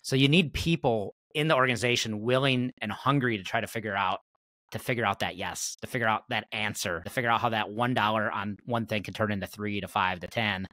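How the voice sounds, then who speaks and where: A man's voice: fairly low pitch, brisk, pushed and bright, dry recording. A man hosting an interview podcast, musing thoughtfully and now and then restarting a word. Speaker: podcast host. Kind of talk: casual interview chat.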